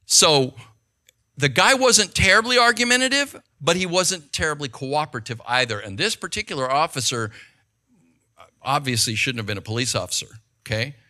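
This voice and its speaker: Animated middle-aged man, bright voice. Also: on the high side, normal speed. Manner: animated storytelling, rhetorical check-ins with the listener. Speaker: speaker giving advice. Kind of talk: conversational monologue.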